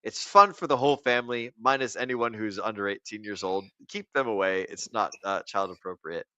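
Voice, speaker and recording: A young man hosts a loose late-night stream, voice bright and forward. The sound is dry and close to the mic, with no room around it. He rambles, swears freely and keeps laughing. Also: lowish voice, a little fast, clear, resonant tone, dry recording, highs cut off. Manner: rambling, profane, laughing often. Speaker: stream host.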